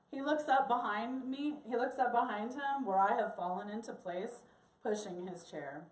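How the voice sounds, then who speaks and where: A woman telling a personal story to an audience in an animated, expressive way. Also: a little high, moderate pace, roomy sound, recorded from a distance, a little hiss or hum. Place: church hall.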